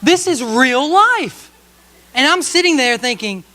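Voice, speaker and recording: High, bright-voiced pastor telling a funny story. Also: male voice, lively intonation, measured pace. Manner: humorous, self-mocking storytelling with frequent "okay?" asides to the congregation. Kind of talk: storytelling sermon. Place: church service.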